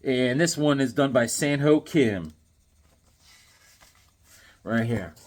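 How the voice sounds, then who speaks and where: A middle-aged man chatting casually as he shows off his comic books, telling stories in a lively way and laughing often. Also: medium pitch, slow pace. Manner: animated storyteller, laughs often, acts out voices. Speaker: comic book collector vlogger. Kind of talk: casual chat showing comics.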